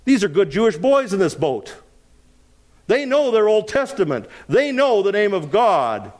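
A middle-aged man preaching an expository sermon, swinging between loud emphasis and quiet asides. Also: high-pitched, sing-song, unhurried. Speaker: pastor.

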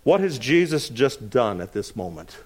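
Animated middle-aged male preacher. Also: medium pitch, moderate pace. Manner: animated, swings between loud emphasis and quiet asides. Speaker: pastor. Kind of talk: expository sermon.

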